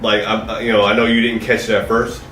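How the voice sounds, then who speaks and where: With a lowish, fairly bright voice and flat delivery, this fast-talking man co-hosts a podcast, chatting loosely about a film with his friends and filling his rambles with ums and likes. Sound comes from a far-off mic in a reverberant space with a little background noise.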